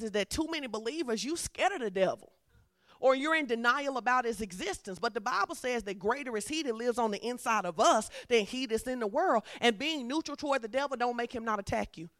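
A woman's voice: fairly high pitch, a bit bright, dry recording, clean studio sound. A woman preacher, delivering a sermon in a conversational style that builds to fervent emphasis.

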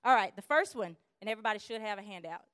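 A woman giving a lively church teaching on conflict, acting out quarrels in quick voices. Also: medium pitch, clean tone, no room sound, studio quality.

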